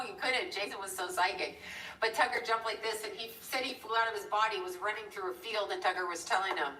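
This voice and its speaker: A woman's voice: fairly low pitch, sharp tone, slight background noise. A middle-aged woman hosting a live stream, telling a rambling story in a chatty, digressive way and breaking off to thank viewers. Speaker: livestream host. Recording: echoey room, a bit far from the mic.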